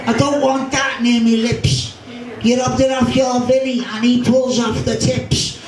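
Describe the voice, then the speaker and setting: A man's voice: very high voice, flat delivery, measured pace. A man playing a cheeky young lad from Liverpool who banters and grumbles about sharing a cigarette. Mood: indignant. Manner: bantering, squeamish and indignant. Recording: echoey room from far off with a crowd.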